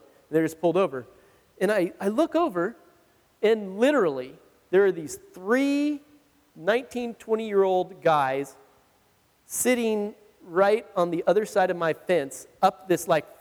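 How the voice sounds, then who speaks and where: High-voiced man preaching in a reverberant hall. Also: unhurried. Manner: animated, conversational, laughs at himself. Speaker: pastor. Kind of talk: sermon with personal storytelling. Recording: long reverb of a large hall.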